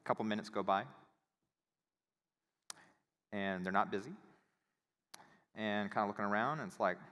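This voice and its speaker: A man giving a conference talk, telling a casual, animated story and acting out the voices of the people in it. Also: on the low side, normal speed, smooth. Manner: animated, acts out quoted voices. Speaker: conference speaker. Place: conference hall. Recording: reverberant hall.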